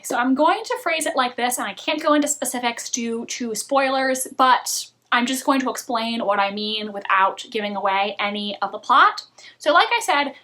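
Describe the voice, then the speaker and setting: A woman's voice: high voice, bright, forceful tone. A young woman vlogger chatting casually and often laughing as she talks about shows she watched. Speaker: video blogger. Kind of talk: casual chat.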